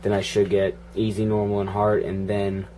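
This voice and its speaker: A man's voice: on the low side, completely flat delivery, normal speed, warm tone, slight background noise. A man giving casual, profane running commentary while playing a video game, grumbling and joking at it. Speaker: gaming channel host.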